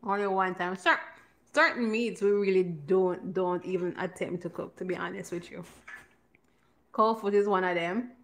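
A woman's voice: fairly low pitch, steady tone, normal speed, fairly bright tone. A woman hosting a casual mukbang chat at home, laughing and teasing. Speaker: host.

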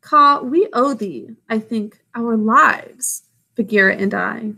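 A woman voicing a big old bear who speaks gravely and wearily in a storybook reading. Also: fairly high pitch, slow pace, sharp tone, heavily acted. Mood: weary. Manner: grave, weary.

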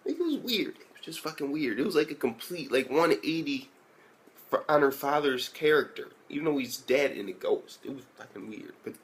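A man's voice: medium pitch, normal speed. A man giving a casual spoken anime episode review, rambling and swearing heavily with lots of "like" fillers.

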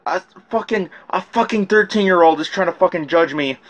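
A man's fairly bright voice sits high and moves a little fast. Ranting casually, he tells his side of a rap feud and recounts the messages, cursing often, wandering, and starting his sentences over again and again.

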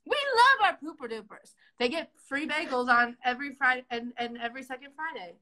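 A young woman with a high, bright voice runs a live-streamed comedy bit. She plays a chipper orientation leader, all bubbly mock cheer. Her delivery stays upbeat and a little over the top. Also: a little fast. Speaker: comedy host playing a Disney World career orientation leader.

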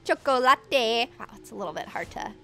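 A woman commenting on her game play in an excitable way, gasping and talking to her pets. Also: sits high, normal speed. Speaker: gaming YouTuber.

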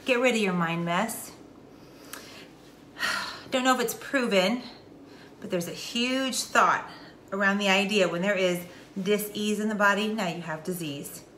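A middle-aged Texas woman, a wellness vlogger, talks casually and directly to camera for her followers, emphatic and preachy, repeating her key points. Her mid-range voice is bright and forceful, recorded in an echoey room with faint noise.

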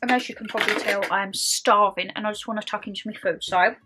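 A woman's voice: mid-range voice, steady tone, quick pace, music in the background. A woman vlogging casually to camera over dinner, chatty and self-mocking, talking with her mouth full. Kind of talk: casual chat to camera while eating.

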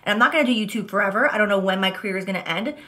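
A woman's voice: medium pitch, very fast, sharp tone. A young woman vlogging while doing her makeup, talking candidly and emotionally to her viewers. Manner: emotional, earnest confessional talk. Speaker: beauty vlogger. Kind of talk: candid get-ready-with-me talk.

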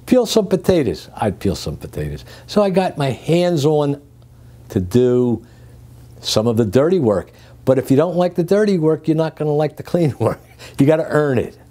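An older man from Greece, recounting his working life as an interview guest, with lively chuckling storytelling. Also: fairly high pitch, normal speed.

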